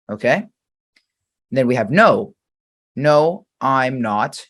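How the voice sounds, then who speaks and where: A male English teacher with an ordinary middle pitch patiently works through grammar examples, reading each sentence slowly before quizzing the listener on it. His delivery is deliberate and expressive, with a fairly bright tone.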